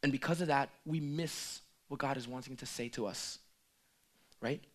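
A man preaching a sermon, swinging from hushed asides to loud, emphatic calls. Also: medium pitch, normal speed.

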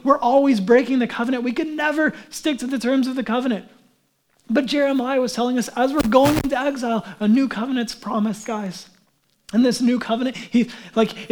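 A man giving a sermon as pastor, in a conversational, animated way with frequent casual asides. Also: very high-pitched.

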